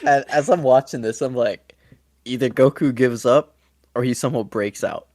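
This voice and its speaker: A man co-hosting a casual podcast, telling stories slowly and laughing often. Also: mid-range voice, darkish tone, no room sound, clean studio sound. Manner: slow storytelling with frequent laughter. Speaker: podcast co-host.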